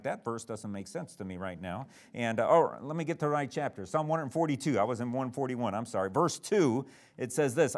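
Earnest preacher man, higher pitched. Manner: earnest, with frequent restarts and fillers, swells of emphasis. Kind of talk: sermon.

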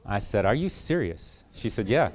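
A man's voice: on the low side, big pitch swings, moderate pace, a little mellow. A man preaching a sermon, telling a folksy personal story in a repetitive, conversational way before turning to emphatic preaching.

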